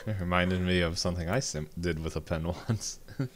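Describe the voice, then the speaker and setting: A man's voice: deep voice, fairly quick. A man co-hosting a podcast, telling a childhood story in rambling casual chat with lots of fillers. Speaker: podcast co-host.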